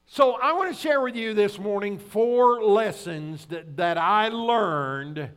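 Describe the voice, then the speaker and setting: A man's voice: sits high, animated, slow, a bit bright, clear, resonant tone. A middle-aged man preaching a sermon, telling a homely personal story in a folksy way and asking the congregation rhetorical questions. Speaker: pastor.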